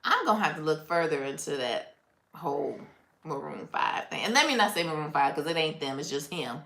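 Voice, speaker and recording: A woman's voice: low voice, sing-song, fairly quick, gravelly, a bit bright, reverberant. A woman hosting a casual livestream, chatting with viewers, laughing often and reacting to comments. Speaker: livestream host. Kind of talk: casual live chat.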